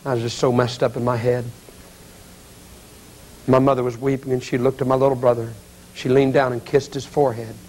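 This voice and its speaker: A man preaching as an evangelist in an auditorium, telling a story with acted quotes and building to loud, pleading appeals. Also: medium pitch, flat delivery, a little fast, pauses often, slight background noise, poor audio. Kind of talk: dramatic revival sermon.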